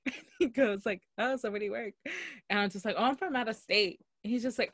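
A young woman co-hosting a podcast, telling a story in a lively, laughing way and acting out what people said. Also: a little high, brisk, no echo, studio quality. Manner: animated, laughing, acts out quotes. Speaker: podcast co-host. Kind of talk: casual storytelling chat. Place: Los Angeles.

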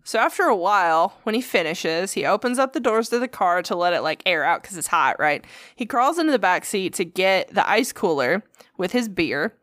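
A woman's voice: lowish voice, expressive, moderate pace, fairly bright tone, no room sound, clean studio sound. A woman co-hosting a podcast, telling a story in casual, profane chat and acting out the quotes. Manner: profane, chatty, acts out quotes. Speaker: podcast co-host.

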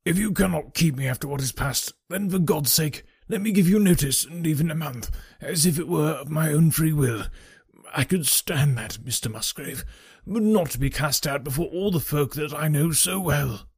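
A man voicing a proud, disgraced male butler in a storybook reading, hoarse with emotion and pleading slowly and quietly. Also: a little high, dry recording, clean studio sound.

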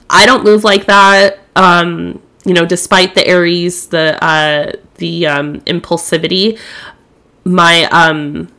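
A woman's voice: on the low side, bright, forceful tone. A young woman hosting a podcast alone, chatting candidly and swearing freely. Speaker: podcast host. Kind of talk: casual solo podcast chat.

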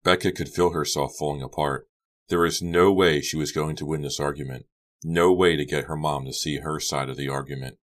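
A man narrating an audiobook in a steady, dramatic reading. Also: a bass voice, a little fast.

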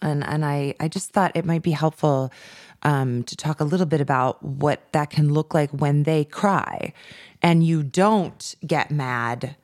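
A woman co-host with a very low voice, halting and restarting as she builds her question. The recording is close and dry. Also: a little mellow, no room sound. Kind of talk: podcast conversation.

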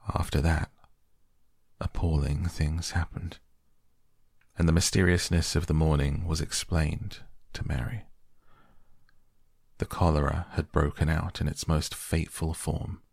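Male sleep-story narrator, deep husky voice, very slow, dry close sound. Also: no echo. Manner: slow, hushed and unhurried. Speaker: audiobook narrator. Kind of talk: soft bedtime story reading.

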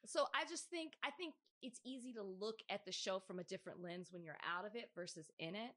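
A woman co-hosting a podcast, telling stories in an animated, emphatic casual chat. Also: mid-range voice, a little fast. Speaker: podcast co-host.

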